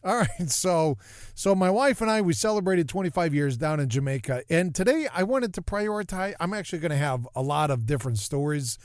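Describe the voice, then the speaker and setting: Brief: middle-aged male podcast host, playful and self-mocking, slightly high voice, dry close sound. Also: fairly quick, no room sound. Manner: jokey, self-mocking, animated. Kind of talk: casual comedic podcast monologue.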